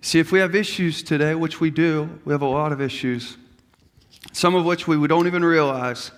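A man's voice: fairly high pitch, moderate pace, big-room sound. A young man preaching a sermon as pastor, building into impassioned, rising calls.

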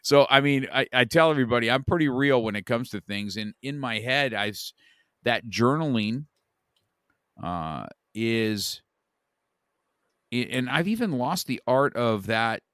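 A man with a mid-pitched voice, recorded dry and close with no room sound. He hosts a casual interview, wandering through his thoughts with frequent restarts and jokes at his own expense. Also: lively intonation, a little slow, fairly bright tone, clean tone, no echo. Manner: rambling, self-deprecating, full of restarts. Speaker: podcast host.

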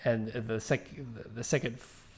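A man in a casual podcast chat, halting and restarting as he thinks aloud. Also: mid-range voice, steady tone. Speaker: podcast co-host.

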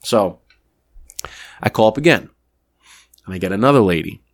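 In a dry, studio-quality recording, a man with a lowish, lively voice speaks at a moderate pace. He co-hosts a podcast, casually telling a story and playing both parties in a phone call.

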